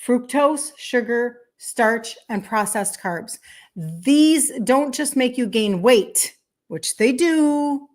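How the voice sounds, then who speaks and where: Fifty-something lady coach talking live, kinda high voice, keeps saying okay?, really emphatic. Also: lively intonation, slow. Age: 50s. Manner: chatty, emphatic, repeats key words, checks in with "okay?". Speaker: health coach hosting a weekday live show. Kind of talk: casual live-stream talk.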